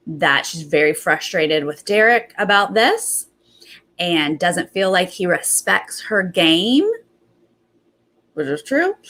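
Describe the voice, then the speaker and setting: A young adult woman hosting a casual recap, retelling events in animated bursts and quoting others. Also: deep voice. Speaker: host.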